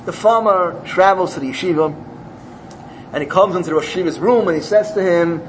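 A man with a fairly high voice tells a parable in a religious talk. He narrates with animation and slips into the characters' voices. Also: a little fast, slight background noise, poor audio. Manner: animated storytelling, acts out characters.

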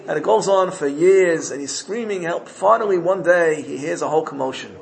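Gravelly man telling a sermon parable. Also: a little high, a little fast, poor audio. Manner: animated storytelling, frequent self-corrections.

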